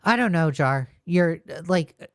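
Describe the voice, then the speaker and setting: A woman's voice: lowish voice, animated, normal speed, dry recording, clean studio sound. A woman hosting a casual reaction commentary, sounding exasperated and rambling, often restarting her sentences. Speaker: commentary host.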